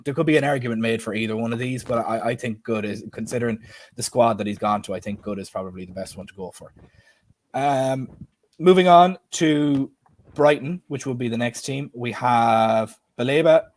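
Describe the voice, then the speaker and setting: A man's voice: mid-range voice, normal speed. A man in his twenties with an Irish accent, hosting a casual football chat stream and putting questions to his guests in a chatty, self-deprecating way. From Ireland. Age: 20s. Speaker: stream host.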